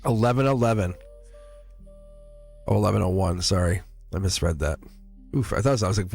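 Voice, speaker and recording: A man's voice: low voice, animated, a little fast, gravelly, pauses often, darkish tone, husky, faint music behind. A middle-aged man reading tarot on a live stream, chatty and playful, laughing often and talking straight to his viewers. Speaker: tarot reader.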